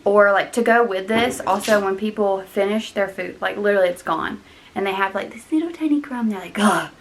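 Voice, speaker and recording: A woman's voice: mid-range voice, fairly quick, slight background noise. A young woman vlogging, chatting casually and acting out other people in quotes. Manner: animated, mimics people in quotes. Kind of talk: casual chat.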